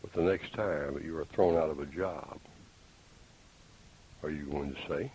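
A man preaching a sermon, deliberate and emphatic, with pointed rhetorical questions. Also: very deep voice, steady tone, darkish tone, husky, poor audio. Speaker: pastor. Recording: faint hiss.

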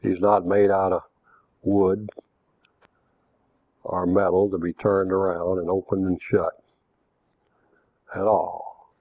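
Deep-voiced man teaching scripture. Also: flat delivery, no room sound. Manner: measured, reads scripture aloud. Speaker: preacher. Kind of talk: Bible teaching. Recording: tinny phone-like recording.

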